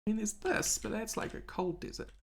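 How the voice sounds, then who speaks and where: A woman's voice: mid-range voice, sing-song, fairly quick, vocal fry, slightly rough. A woman streaming a game live, chatting casually and thinking aloud to her viewers.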